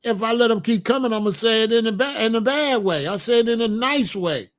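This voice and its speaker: A man's voice: very high voice, fairly quick. A man hosting a casual talk show and giving blunt, joking advice on marriage, acting out little scenes as he goes. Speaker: host.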